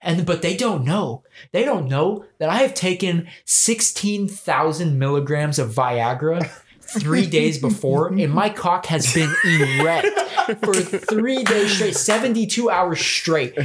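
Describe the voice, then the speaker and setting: A man's voice: on the high side, expressive, unhurried. A man hosting a podcast, telling a crude, escalating comic story in a rambling way and often laughing mid-sentence. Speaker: podcast host. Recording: loud background noise.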